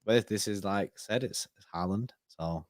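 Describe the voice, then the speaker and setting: A man's voice: lowish voice, moderate pace. A young man, co-hosting a casual fan live stream and laughing often. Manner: animated, laughs often, lively bursts. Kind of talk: casual chat.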